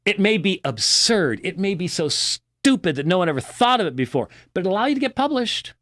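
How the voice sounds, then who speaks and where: A middle-aged man giving critical commentary with a lively, swooping pitch that jumps high for emphasis. He reads quotes aloud and knocks them down with a scornful, emphatic delivery. His voice sits slightly high for a man, and the sound is dry and close. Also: a little fast, no room sound. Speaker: host reviewing an article.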